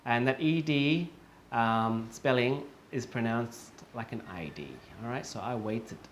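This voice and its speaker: A man leads an online English pronunciation class, going over every word patiently and repeatedly, with plenty of fillers and self-corrections. He talks at an unhurried pace in a medium-pitched voice, and there's slight background noise.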